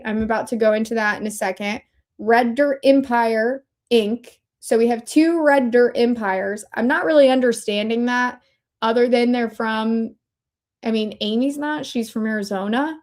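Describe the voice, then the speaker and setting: A woman's voice: on the high side, moderate pace, a little mellow. Chatty, rambling woman livestream host. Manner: chatty, rambling, self-interrupting. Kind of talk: casual commentary livestream.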